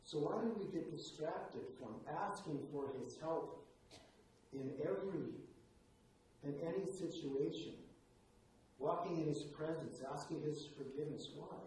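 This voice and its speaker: A man preaching a sermon in an earnest way, moving between hushed and emphatic delivery. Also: a little high, a little slow, long pauses. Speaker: pastor. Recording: echoey room, voice from far off, faint noise.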